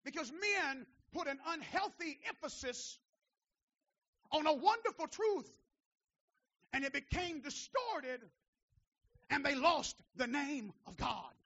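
Man, pastor, very high voice, fervent sermon, repeats phrases, dull lo-fi sound. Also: animated, a little slow. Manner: impassioned preaching, rising to shouts and dropping to quiet asides.

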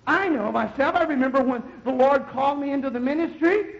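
A man preaching a fiery sermon as pastor, rising to shouted exhortation and dropping low again. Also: a little fast, creaky, dull audio.

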